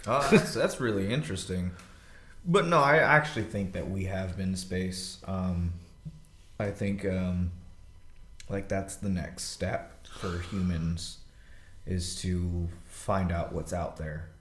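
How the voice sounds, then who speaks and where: A man's voice: low voice, takes it slowly, reverberant. A man guesting on a podcast as a musician, chatting casually with laid-back, short replies. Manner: laid-back, short agreeing replies, loud mock outbursts. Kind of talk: casual chat.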